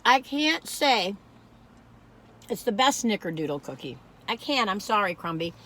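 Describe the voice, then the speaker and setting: A woman's voice: medium pitch, big pitch swings, unhurried, a bit bright, slight background noise. An older woman, chatting casually and rambling off on tangents while reviewing cookies on her vlog. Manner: rambling, chatty, easily sidetracked. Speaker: food vlogger.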